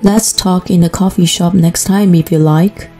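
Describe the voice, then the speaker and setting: A woman voicing a kind, quiet, reclusive brother-in-law who speaks gently and politely. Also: on the low side, steady tone, normal speed, faint music behind, lightly acted. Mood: gentle.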